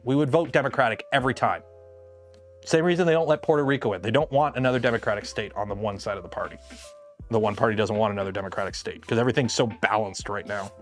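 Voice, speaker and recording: A young man chatting casually and rambling on tangents while he works on a build during a livestream. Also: mid-range voice. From Canada. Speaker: livestream host.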